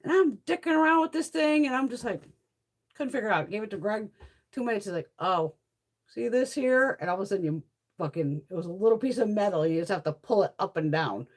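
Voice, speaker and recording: A woman's voice: mid-range voice, fast. A middle-aged woman chatting casually on her vlog, telling stories with lots of swearing and laughter. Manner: swears freely, laughs often, animated storytelling. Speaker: beauty vlogger. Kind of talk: casual chit-chat.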